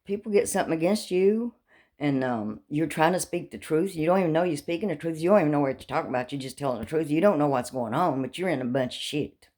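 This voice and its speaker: Speaking fast in a low, mellow voice, a middle-aged woman vlogger rambles through personal life stories. She's chatty, makes dark jokes, and laughs a lot.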